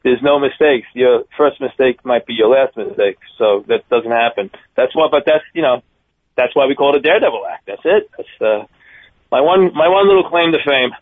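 A man in his fifties with a deep Long Island accent, chatting by phone as a circus daredevil guest. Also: normal speed, dry recording. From Long Island, New York. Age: 50s. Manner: chatty, animated storyteller. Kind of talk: phone-in interview. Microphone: telephone. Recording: tinny phone line.

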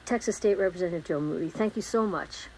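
A woman's voice: on the low side, fast talker, a little mellow, a little hiss or hum, low-quality recording. A woman anchoring a live news interview, asking probing questions with some fillers.

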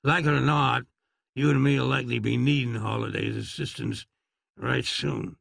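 Narrator as a curt sheriff, drawling, gravelly, husky. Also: male voice, medium pitch, steady tone, moderate pace, a bit bright, dry recording. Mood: grim. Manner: clipped, dry, commanding. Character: laconic, stern Wild West sheriff.

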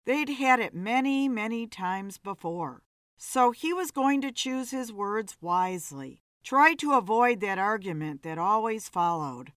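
A woman narrating a dark story as a podcast reader, expressive and measured. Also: fairly high pitch, no room sound, clean studio sound. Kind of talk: scripted narration.

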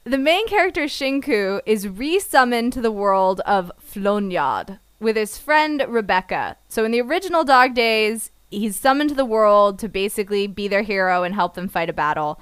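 A woman's voice: medium pitch, animated, moderate pace, hardly any pauses, clear, resonant tone, dry recording. A woman co-hosting a casual podcast, reviewing an anime with playful sarcasm and frequent laughs. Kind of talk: casual chat.

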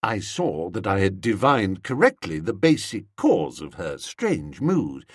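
Brief: male audiobook narrator, wry comic delivery, husky, very lively pitch. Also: a little slow, hardly any pauses, no room sound, studio quality. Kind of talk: first-person comic novel narration.

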